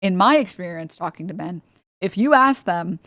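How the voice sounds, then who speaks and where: A woman's voice: on the low side, lively intonation, normal speed, a bit bright, no room sound, clean studio sound. A woman streamer giving reaction commentary, ranting with incredulous, profane remarks.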